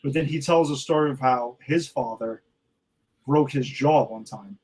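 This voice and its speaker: A man co-hosting a podcast, talking casually and excitably about a TV episode, with loose swearing. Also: mid-range voice, normal speed, husky, poor audio. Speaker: podcast co-host.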